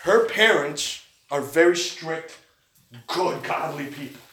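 A man preaching a sermon, telling a personal story with animated delivery and acting out the other people's lines. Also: on the high side, takes it slowly, reverberant. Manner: animated storytelling, acts out quoted voices. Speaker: pastor. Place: church.

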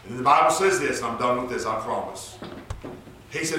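A man preaching a sermon, swinging from low murmurs to shouted high cries. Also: brisk, noisy background. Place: church sanctuary. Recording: roomy church recorded from far off.

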